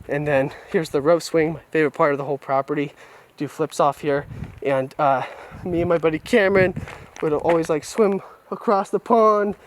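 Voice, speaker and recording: Out on his family's rural land, a young man from California looks back on his past in an open, reflective way. He talks at normal speed in a slightly high, steady voice, recorded on a camera mic on a handheld tripod with slight background noise.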